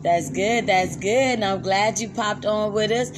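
A woman's voice: mid-range voice, a little slow. A woman hosting a live music podcast in loose, chatty talk, laughing easily. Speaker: radio podcast host. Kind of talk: casual live show chat.

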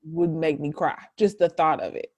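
A woman hosting a casual conversation, warmly affirming her guest and animated when she retells what others said. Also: deep voice, normal speed, slightly rough. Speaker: podcast host.

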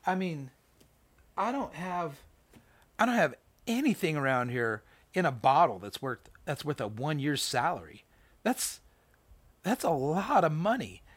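A man hosting a podcast, reading scripture and commenting in a casual, fast, animated way with many fillers and restarts. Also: on the high side, slightly rough, dry recording. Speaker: podcast host.

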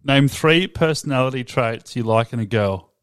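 A man's voice: mid-range voice, normal speed, faint music behind. A man co-hosting a podcast in casual chat, often laughing and trailing off mid-sentence. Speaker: podcast co-host.

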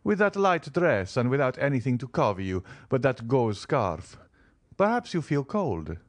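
A man's voice: medium pitch, big pitch swings, moderate pace, no echo, pitched above the performer's own voice, close to an everyday voice. A man reading a restrained, courteous count. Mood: courteous, guarded. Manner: formal, polite, restrained. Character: reserved, courteous mysterious count, middle-aged man. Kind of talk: audiobook character reading.

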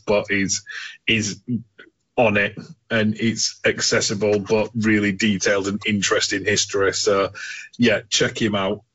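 A man's voice: lowish voice, a bit bright. A man chatting casually as a podcast co-host, rambling, swearing and laughing a lot. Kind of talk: casual chat. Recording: dull lo-fi sound.

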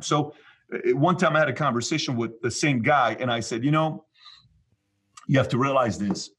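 A man's voice: medium pitch, a bit bright, breathy edge. A man from Iran, a guest in an interview, telling stories and acting out both sides of past conversations. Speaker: guest, business leader. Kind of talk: storytelling in an interview.

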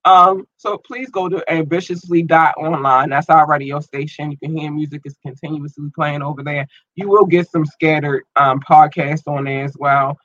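A man hosting a podcast and online radio show, rambling casually and slangily through listener shout-outs while his eye is irritated and tearing up. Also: on the high side, steady tone, moderate pace, hardly any pauses, no room sound, dull audio. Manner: loose, rambling, slangy, repeats himself.

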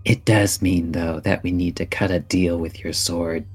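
Husky, very low-voiced man plotting. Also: steady tone. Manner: slow, plotting, thoughtful. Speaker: tabletop player.

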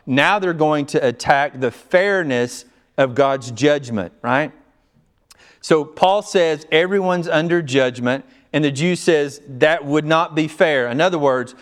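A male pastor teaches a small group through a Bible passage. His voice is smooth and resonant at an average pitch. He talks earnestly and with emphasis, stopping often to ask the group whether they follow.

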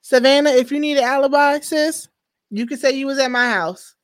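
Brief: woman host, casual slangy commentary, a bit high, lively and opinionated. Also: fairly quick. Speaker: show host.

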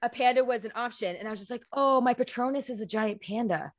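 A woman's voice: fairly high pitch, fast. A woman co-hosting a casual chat, chatty and joking. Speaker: podcast co-host.

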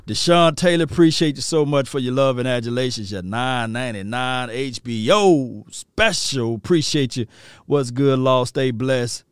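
A man hosting a casual sports podcast live stream, loose and slangy, shouting out viewers in the chat. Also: mid-range voice, clean tone, no room sound, studio quality. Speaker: podcast host.

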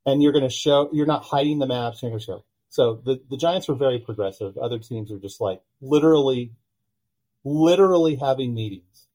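Dark, husky-voiced man telling animated stories. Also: medium pitch, a little fast, low-quality recording. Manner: animated storyteller who acts out quoted dialogue. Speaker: podcast guest, pitching analytics company founder. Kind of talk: casual podcast conversation.

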